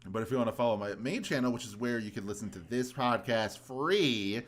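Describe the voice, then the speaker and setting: A man's voice: mid-range voice, brisk. A man co-hosting a podcast in casual chat, rambling along with lots of restarts and fillers. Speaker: podcast co-host.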